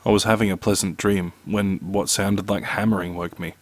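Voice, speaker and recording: Low-voiced man reading scary stories. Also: steady tone, normal speed, no echo. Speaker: narrator.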